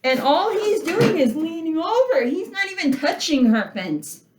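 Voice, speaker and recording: Brief: woman lecturer, lively pitch, questioning tone, roomy echo. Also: measured pace, very noisy. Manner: animated, talks to listeners with questions, reads passages aloud. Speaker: literature teacher. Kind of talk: lecture reading and discussing a story.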